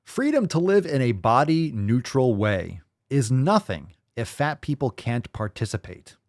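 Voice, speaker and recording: A man's voice: medium pitch, sing-song, measured pace, no room sound. A man hosting a show, ranting in profane, sarcastic commentary and mocking the people he quotes. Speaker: host.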